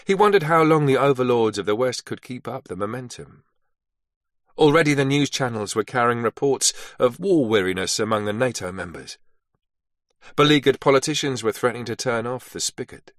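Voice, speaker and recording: A man narrating an action thriller audiobook in a measured, steady read. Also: mid-range voice, no echo, studio quality. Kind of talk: scripted narration.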